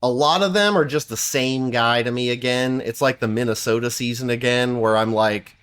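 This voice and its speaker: Here a male podcast co-host speaks smoothly at normal speed with a fairly bright tone. The talk is casual and rambling with many fillers, and he imitates accents with large leaps in pitch.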